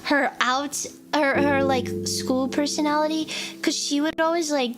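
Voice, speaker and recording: Over loud background music, a young adult woman streaming as a VTuber spins a rambling tale in casual chat, heavy on fillers and acting out quoted dialogue. Her high voice is unhurried, with fairly even intonation.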